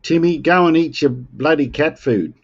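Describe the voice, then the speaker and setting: A man's voice: on the high side, moderate pace. Australian man, casual livestream banter, playful, muffled lo-fi sound. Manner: joking, teasing, playfully defensive. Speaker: livestream host. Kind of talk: casual live chat with viewers.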